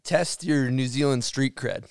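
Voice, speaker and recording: A man's voice: mid-range voice, a little slow, vocal fry, smooth, dry recording, clean studio sound. A man hosting a podcast who quizzes his guest playfully and reads out terms one by one. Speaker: podcast host. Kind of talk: casual podcast chat.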